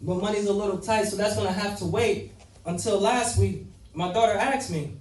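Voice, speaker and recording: A young man performs spoken-word poetry in a rhythmic, rhyming delivery full of dramatic swings. His voice sits high for a man. The recording is roomy and picked up from far off, with faint ambience behind. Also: normal speed, a little mellow.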